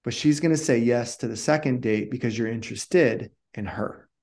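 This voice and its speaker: A man's voice: medium pitch, moderate pace. A middle-aged man who coaches communication, telling stories casually in an interview and acting out the dialogue. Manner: animated storyteller who acts out dialogue.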